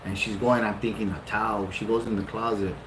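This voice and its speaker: A middle-aged man casually telling a long, funny story, swearing freely and jumping up in pitch for retold lines. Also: fairly quick, slight background noise. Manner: animated, profane, laughing often, jumps into high-pitched retellings. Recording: roomy echo.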